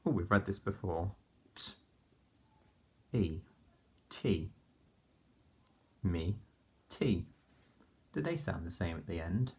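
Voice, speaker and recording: Slow, husky teacher sounding out phonics. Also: male voice, low-pitched, lively intonation. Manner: slow, patient, sounding out letters and praising. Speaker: primary school teacher. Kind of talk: phonics lesson for young children.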